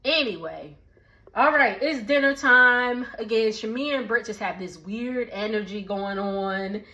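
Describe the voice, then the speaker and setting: A woman giving a casual, gossipy recap of a reality TV episode, chatty and quick to laugh. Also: a little high, bright, forceful tone. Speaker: TV recap vlogger. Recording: dull lo-fi sound.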